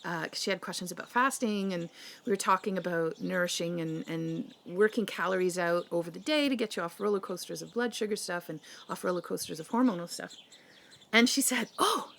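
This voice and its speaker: A woman's voice: on the low side, a little fast, gravelly, a bit bright, slight background noise. A woman from Canada, a health and nutrition coach, talking straight to her viewers in a passionate, rambling way full of rhetorical questions. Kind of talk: casual direct-to-camera monologue.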